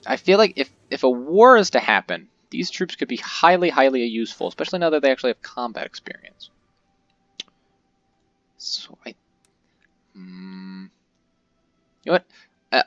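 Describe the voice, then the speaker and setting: A man's voice: fairly high pitch, very animated, moderate pace, pauses often, fairly bright tone, no echo, lo-fi sound. A man casually commentating his own strategy game playthrough, chatty and joking with viewers. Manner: chatty, jokey, reacts aloud to the game. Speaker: let's-play host.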